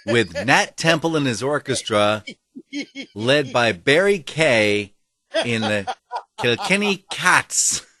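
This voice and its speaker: Podcast host guy, bright lively voice, joking and grumbling for laughs. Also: mid-range voice. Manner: playful, mock-grumbling. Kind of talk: casual comedy banter.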